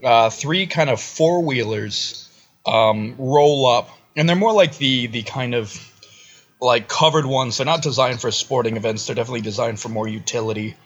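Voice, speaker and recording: A man's voice: medium pitch, normal speed. A man in the middle of his range, narrating a tabletop game as game master. His speech is loose and rambling, full of likes and ums.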